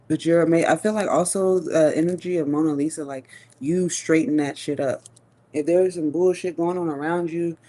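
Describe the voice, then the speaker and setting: A woman giving a live tarot reading, musing slowly with long hums and pauses, and talking in a casual, profane way. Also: low-pitched, warm tone. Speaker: tarot reader.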